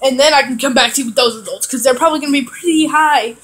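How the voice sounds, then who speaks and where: A young woman from Texas with a high voice vlogs at home into her phone camera. She talks in a loose, chatty way, wanders between points, and drops casual swear words. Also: fast talker, fairly bright tone, rough recording. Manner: chatty, digressive, swears casually, self-mocking. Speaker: vlogger. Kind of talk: casual rambling vlog.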